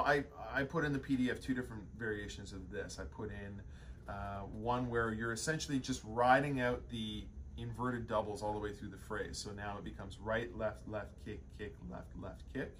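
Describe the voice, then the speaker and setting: A man's voice: mid-range voice, normal speed, a little hiss or hum. A young man teaching a drum lesson, explaining sticking patterns in a loose way with many fillers and restarts.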